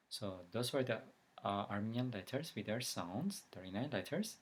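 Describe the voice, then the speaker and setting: A man's voice: fairly low pitch, animated, normal speed. A man teaching a beginner language lesson, reading letters one at a time and then explaining the rules. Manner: reads letters one by one, louder on each. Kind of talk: slow spoken language lesson.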